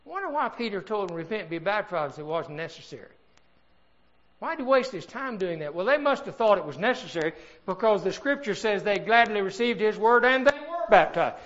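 A man's voice: high voice, very animated, fairly bright tone, lo-fi sound. An older man preaching a sermon, swelling in volume and drawing out key words. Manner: emphatic preaching with swells in volume and slowed stresses.

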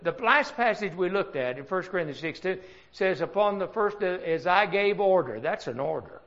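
An older man delivers a sermon in an earnest, talky way, with a fairly high voice. He keeps turning to the congregation with rhetorical questions. The recording sounds dull and lo-fi. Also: fairly bright tone. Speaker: preacher.

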